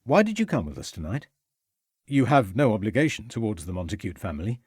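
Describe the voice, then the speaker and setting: A man voicing a courteous, shrewd police inspector who speaks in a polite, measured way, in an audiobook. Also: fairly low pitch, very animated, a little mellow, slightly rough, no echo, studio quality.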